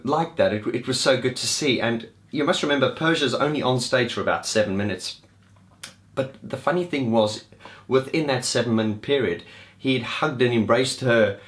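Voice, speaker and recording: A man's voice: fairly low pitch, a bit bright. A man giving a casual, enthusiastic spoken review of concerts, rambling and restarting as he goes. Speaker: music vlogger reviewing gigs.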